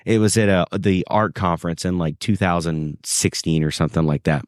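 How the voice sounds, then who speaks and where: A man with a very low, deep voice tells stories with energy, slipping into the voices of the people he quotes. He is a podcast guest chatting casually. The sound is dry and close, with no room echo. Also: brisk. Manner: animated storyteller, acts out quoted voices. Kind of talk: casual conversational storytelling.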